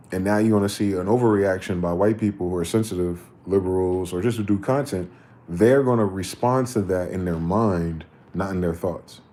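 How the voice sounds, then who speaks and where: Male livestream host, low mellow voice, rambling profane commentary, faint noise behind.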